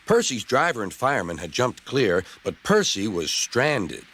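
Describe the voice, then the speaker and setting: Highly animated male storybook narrator. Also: measured pace. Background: music.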